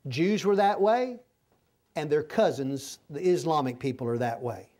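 A man's voice: a little high, lively intonation, a little slow, a little mellow. A man preaching a conversational, verse-by-verse sermon in a folksy manner, often checking that his listeners are following.

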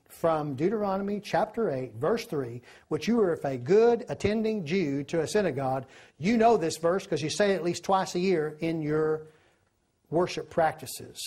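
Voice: mid-range voice, lively intonation, normal speed, darkish tone. A preacher, giving a sermon, telling stories and asking the listeners questions. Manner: storytelling, asks the listeners questions.

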